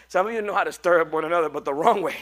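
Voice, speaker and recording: A male pastor preaching a sermon, animated and joking as he coaxes his congregation along. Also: fairly high pitch, very fast. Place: church.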